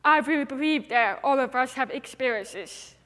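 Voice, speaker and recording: On stage in a reverberant large hall, a young adult TEDx speaker with a deaf speaker's accent gives an earnest, emphatic inspirational talk. She has a high, fairly bright voice and speaks at a normal speed.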